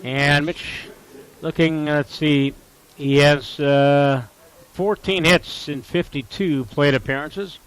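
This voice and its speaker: Calling college baseball play-by-play, this Upper Midwest US announcer has a somewhat higher-than-usual voice that's clear and resonant, moving slowly through counts, lineups and sponsor reads in an informative manner. Big plays send his voice jumping with excitement, captured on a low-quality recording.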